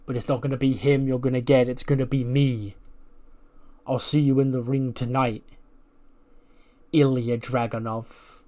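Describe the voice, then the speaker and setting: A man voicing a male wrestler calmly calling out a rival to the camera in a wrestling game. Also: lightly acted. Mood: challenging. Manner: low, measured challenge.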